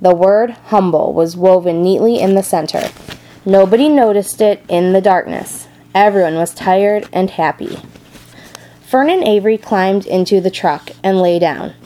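A woman reading a storybook aloud in a calm, measured narrating voice. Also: mid-range voice, low-quality recording.

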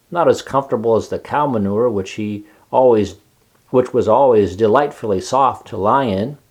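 Reading a kids' storybook out loud, the male narrator keeps things steady and unhurried, his pitch in the middle range.

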